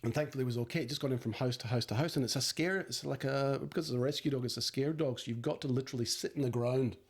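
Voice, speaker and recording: A man's voice: medium pitch, racing. A man with a Scottish accent co-hosting a podcast, telling rambling stories in a casual, chatty way with plenty of fillers. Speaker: podcast co-host. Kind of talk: casual chat.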